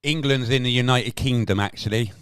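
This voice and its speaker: A man's voice: mid-range voice, brisk, a bit bright, smooth, no room sound. Blunt argumentative man, dry mic. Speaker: livestream host. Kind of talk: casual livestream chat reacting to viewers.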